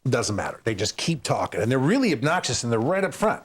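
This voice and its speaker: A man's voice: mid-range voice, fast talker, breathy edge. A man, a stand-up comedian and guest, telling a road story and acting out the people in it. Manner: animated, acts out the people in his stories.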